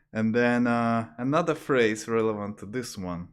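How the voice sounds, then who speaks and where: A man teaching slang on a livestream, talking hesitantly with fillers and restarts, jumping higher when he imitates phrases. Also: normal speed, smooth. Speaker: language teacher. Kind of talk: casual livestream lesson.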